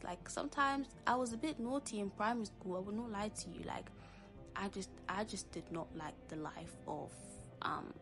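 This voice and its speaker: Young woman from Zimbabwe, vlogger at home doing her makeup, easy chatty delivery, middle pitch. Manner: casual, fills speech with "like" and talks straight to "guys". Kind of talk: candid personal storytelling.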